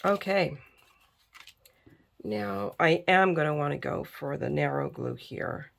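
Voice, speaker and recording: Tired, chatty woman with a gravelly voice. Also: low-pitched, sing-song, slow pace. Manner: chatty, tired, talks while working. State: tired and yawning. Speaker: crafting video host. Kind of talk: casual crafting tutorial chat.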